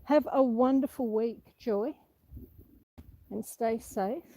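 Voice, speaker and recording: A woman hosts a casual homestead livestream outdoors on a rural property, holding her phone to broadcast. Her voice is high with a dark tone, and she talks slowly and chattily, reading out viewer comments while slightly out of breath. The audio quality is poor.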